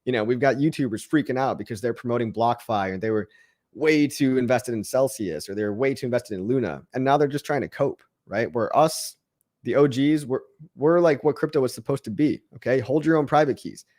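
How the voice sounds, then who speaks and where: A man's voice: medium pitch, brisk, a little mellow. A man hosting a livestream and answering chat questions in a casual, upbeat pep talk that rambles and restarts words. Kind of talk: casual motivational rant.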